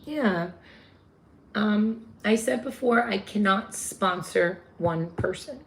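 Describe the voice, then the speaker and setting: A woman's voice: mid-range voice, takes it slowly, vocal fry. A woman with a New York accent hosting a casual livestream, chatting with viewers and answering their comments. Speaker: livestream host.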